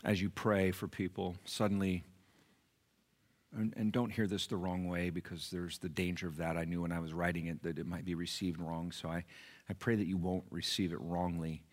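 A male pastor preaching a sermon in a church, earnest and personal, moving between raised emphasis and hushed, near-whispered passages. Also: sits low, little pitch movement, moderate pace. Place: church sanctuary.

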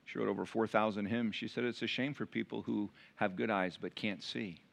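A man preaching a sermon to his church, dynamic and emphatic, dropping to hushed tones and acting out voices in the story. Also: fairly low pitch, fairly even intonation, vocal fry. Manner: dynamic preaching, swinging from loud emphatic lines to hushed intimate ones; acts out crowd voices in quick asides. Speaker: pastor.

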